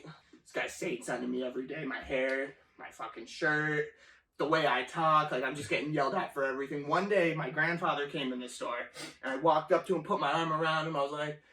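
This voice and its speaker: Young man, fairly high voice, cussing storyteller, echoey room, mic kinda far. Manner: profane, animated storytelling with laughter. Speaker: storyteller guest. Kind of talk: casual chat.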